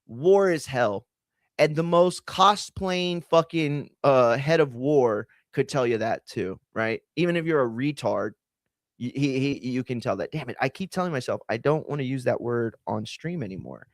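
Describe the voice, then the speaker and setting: A man streaming a profane, ranting commentary on combat sports, excitable and blunt. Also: mid-range voice, normal speed, no room sound, studio quality. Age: adult. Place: home room with bookshelves.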